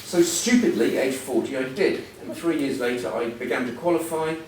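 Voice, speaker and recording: A man's voice: medium pitch, moderate pace, a little mellow, a little hiss or hum. A man in his sixties giving a humorous, self-deprecating talk as a guest speaker, full of anecdotes. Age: 60s. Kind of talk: anecdotal after-dinner talk. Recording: echoey hall, mic at a distance.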